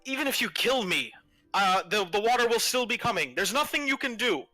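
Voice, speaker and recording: A man's voice: high-pitched, lively intonation, brisk, pushed and bright, no room sound, faint music behind, pitched above the performer's own voice, exaggerated voice. A man voicing a defiant, boastful male halfling who leads a rebellion. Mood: gloating. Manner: boastful, threatening.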